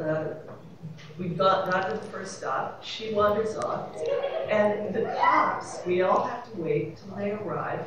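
A woman, a panelist telling a rambling, wry anecdote with laughs. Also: mid-range voice. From New York City. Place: convention panel room, echoey. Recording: echoey room from far off, audience murmur.

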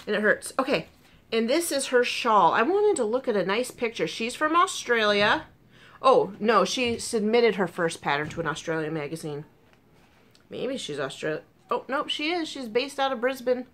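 Talking at a moderate pace in a slightly high voice, this woman vlogs about crochet in a relaxed, chatty way. She's excitable and gushing, full of ums, and her tongue is sore from a burn.

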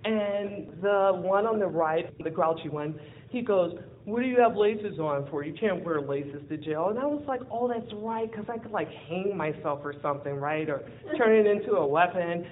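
A woman speaker at a live event, telling a personal story in an animated way, acting out the dialogue and laughing often. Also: lowish voice, moderate pace. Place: event venue in front of an audience. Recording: tinny phone-like lo-fi audio with faint hiss.

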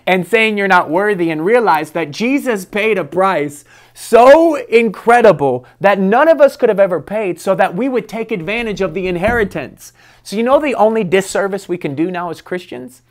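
Emphatic pastor giving a devotional. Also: male voice, high-pitched. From United States. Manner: emphatic, reads scripture and laughs at his own anecdotes. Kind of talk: devotional sermon.

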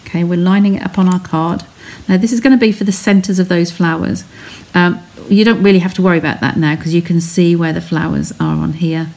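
A woman's voice: lowish voice, steady tone, fairly quick, creaky, hardly any pauses, a little mellow. A woman chatting as she talks viewers through a craft technique step by step on a live stream from her home studio. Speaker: craft demonstrator.

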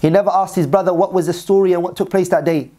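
A man's voice: high-pitched, fairly even intonation, fast talker, dark tone. A man teaching a religious story as a sermon, reading Arabic passages and then translating and repeating them in English. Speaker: Islamic teacher.

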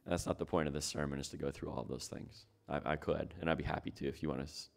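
A man's voice: extremely low pitch, steady tone, quick pace, creaky. A man preaching a sermon as pastor, talking it through in a conversational way and asking his listeners rhetorical questions.

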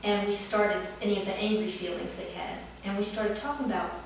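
A middle-aged woman, a dance movement therapist, calmly telling the story of a session with children. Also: mid-range voice, a little fast, slight background noise. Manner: calm, gentle storytelling, livelier when acting out children. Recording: roomy echo, heard from a distance.

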